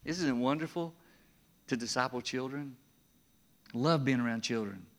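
A man preaching a sermon in a conversational, animated way, with rising emphasis and frequent chuckles. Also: mid-range voice, moderate pace. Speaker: pastor.

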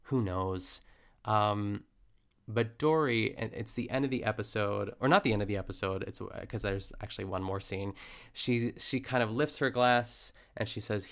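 A man's voice: fairly low pitch, normal speed, vocal fry. A man hosting a podcast, recapping a cooking show in a chatty, playful way and laughing often. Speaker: podcast host. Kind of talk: casual recap chat.

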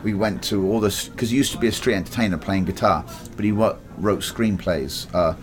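A man's voice: lowish voice, brisk. A man from England with an English accent, telling a rambling personal anecdote in a casual way, swearing freely and acting out the other people's lines. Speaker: guest telling a life story.

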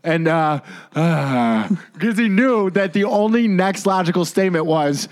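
Guy ranting and cussing on his podcast, kinda high voice. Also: expressive, a little slow. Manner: profane, heated ranting. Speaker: podcast co-host.

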